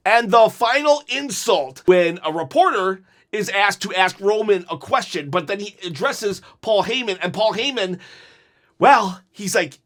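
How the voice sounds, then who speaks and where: A man hosting a casual reaction commentary, animated, laughing often and mimicking the lines he quotes. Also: high-pitched, measured pace. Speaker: channel host reacting to clips.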